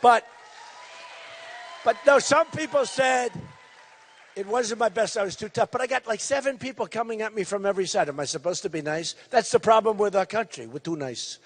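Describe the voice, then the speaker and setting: A man in his sixties giving a campaign rally speech, loud and repetitive, hammering his points with emphasis. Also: high voice, animated, normal speed, in a large hall. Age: 60s. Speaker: political candidate.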